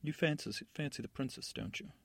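A man voicing a shrewd, coaxing fairy godmother in a sleep story, asking soft, sly, probing questions. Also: on the high side, fairly quick, creaky, husky, no room sound, pitched above the performer's own voice, heavily acted. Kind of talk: sleep-story narration with character voices.

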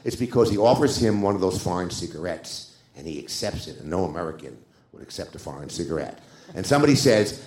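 Older guy spinning movie stories on stage, lowish voice, roomy theater sound. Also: fast talker. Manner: animated storyteller, acts out quotes. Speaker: screenwriter guest. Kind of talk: live stage interview anecdote.

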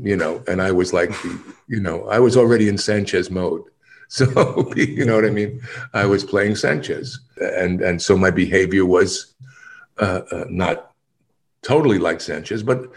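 This low-pitched actor is animated while telling stories in a casual interview, frequently breaking into laughter and voicing other people's dialogue.

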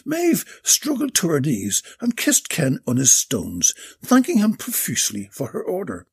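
Gravelly man narrating a comic story. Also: fairly high pitch, huge pitch swings, measured pace, few pauses.

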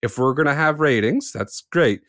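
A man's voice: mid-range voice, lively intonation, moderate pace, fairly bright tone, no echo. Stubborn, argumentative man in a dry room. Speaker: podcast co-host. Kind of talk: casual chat.

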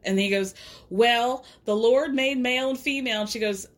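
A fairly high-voiced woman hosts a pop culture podcast. She talks in a casual, chatty flow full of "like" and "you know", acting out quotes from reality TV with lively energy. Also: normal speed. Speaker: podcast host.

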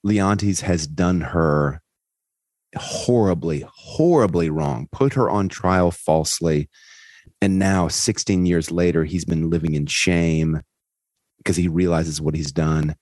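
A man hosting a podcast who tells stories in a lively conversational way, and his voice climbs high when he gets excited. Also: slow, dry recording. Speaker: podcast host. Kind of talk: conversational storytelling in an interview.

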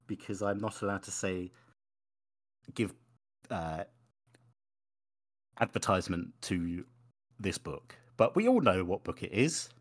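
Podcast co-host, guy, lowish voice, awkward and stalling, casual chat. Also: lively intonation, takes it slowly, long pauses. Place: room in a shared house.

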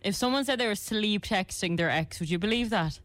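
A woman's voice: mid-range voice, fairly quick, no echo. An Irish woman co-hosting a radio show, chatting in a playful, casual way. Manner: lively, playful. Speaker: radio co-host. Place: radio studio. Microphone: studio mic.

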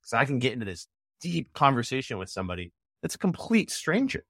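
A man answering interview questions about cold calling, energetic, slipping into quoted call snippets. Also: medium pitch, fast, creaky, no room sound, clean studio sound. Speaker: sales expert guest.

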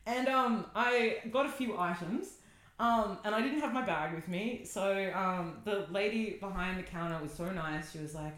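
A woman's voice: medium pitch, moderate pace, a bit bright. A woman telling a rambling story in casual chat, swearing and acting out what others said. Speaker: podcast co-host. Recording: roomy echo.

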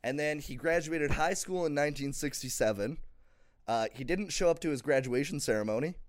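Young man, comedy podcast host, rambling casual chat, slightly high voice. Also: brisk. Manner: rambling, with many fillers and restarts.

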